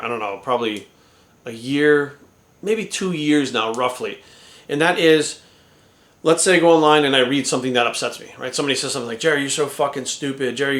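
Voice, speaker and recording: A man's voice: a little high, a bit bright. Blunt, profane coach in his forties. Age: 40s. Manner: blunt, profane, repeats "right?". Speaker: fitness coach. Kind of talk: casual motivational talk to camera. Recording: echoey room.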